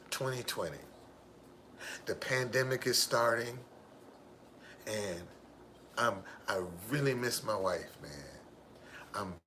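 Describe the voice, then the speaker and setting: Slow, forceful man telling his story. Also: medium pitch, a little hiss or hum. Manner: emphatic, repeats key phrases. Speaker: driver. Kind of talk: personal storytelling monologue.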